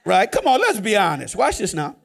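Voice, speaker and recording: High, animated joking male preacher. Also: fairly quick, gravelly. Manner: conversational, joking preaching with sudden swings from loud to hushed. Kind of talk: sermon.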